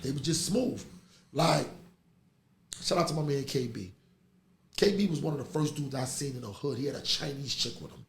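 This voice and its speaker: A middle-aged man, hosting a podcast in casual chat and telling stories with animated energy. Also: mid-range voice, normal speed, long pauses. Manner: animated storytelling, laughs through stories. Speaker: podcast host. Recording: echoey room with faint noise.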